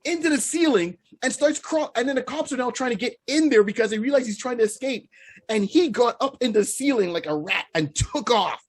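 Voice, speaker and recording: A man co-hosting a casual podcast, telling a funny story excitedly and laughing along the way. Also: extremely high pitch, a little fast. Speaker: podcast co-host.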